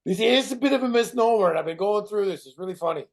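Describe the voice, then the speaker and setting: A middle-aged man, a guest actor in a casual interview who tells animated stories, swears and acts out other people's voices. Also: sits high, racing. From Canada.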